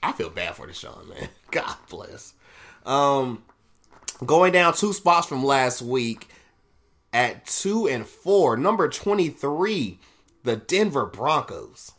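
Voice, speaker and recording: A man hosting a casual podcast, reading a sports ranking list out loud and laughing and swearing at the results. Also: mid-range voice, sing-song, slow. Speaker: podcast host.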